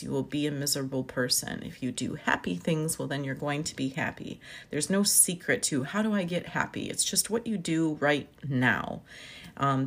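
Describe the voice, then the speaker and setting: A woman with a deep voice and a gravelly fry talks about emotions as a counselor. She is measured and deliberate, often naming feelings one by one. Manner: measured, listing words one by one. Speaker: counselor for first responders. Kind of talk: reflective talk on emotions.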